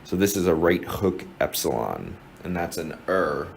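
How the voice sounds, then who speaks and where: A man's voice: low voice, sing-song, unhurried, vocal fry, slight background noise, rough recording. A man with a New Jersey accent giving an informal lesson, explaining step by step with plenty of fillers and restarts. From New Jersey, USA. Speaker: teacher.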